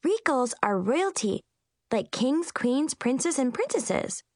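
A woman's voice: high-pitched, big pitch swings, takes it slowly, a little mellow, no echo, studio quality, pitched above the performer's own voice, heavily acted. A woman voicing a sweet little Munchkin schoolgirl who talks in a comforting, giggly way in a storybook reading. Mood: explaining.

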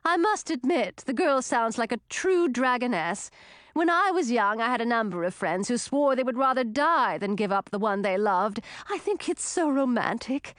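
Gushing romantic dragoness voiced by a woman, high-pitched, emphatic, storybook, dry sound. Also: animated, moderate pace, fairly bright tone, dry recording.

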